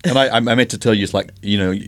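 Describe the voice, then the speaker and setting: A man co-hosting a casual podcast, hesitant and halting, then warming into enthusiastic chatter. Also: fairly low pitch. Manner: hesitant, many restarts and fillers, then bursts of laughing enthusiasm. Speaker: podcast co-host.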